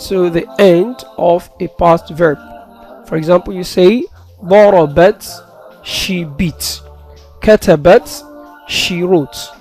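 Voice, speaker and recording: A man's voice: high-pitched, darkish tone. A man teaching a grammar lesson, steadily explaining each term and then translating it.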